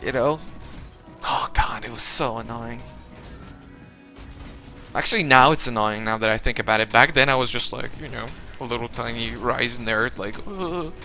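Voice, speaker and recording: Young male vlogger, bright voice, casual profane storyteller. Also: medium pitch, steady tone, moderate pace, long pauses, faint music behind. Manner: profane, rambling, re-enacts others' lines.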